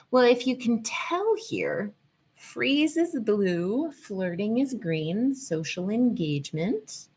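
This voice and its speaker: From home in Colorado, this host leads a live-stream class on the nervous system, wandering off topic and breaking off to welcome viewers as they arrive. She speaks with a mid-range, darkish voice that carries a slight roughness.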